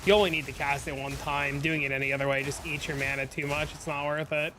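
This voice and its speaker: A man's voice: on the high side, flat delivery, fast talker, noisy background. A young man streaming a game, rambling in casual chat and venting with lots of "like" fillers. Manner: rambling, heavy use of "like", exasperated venting.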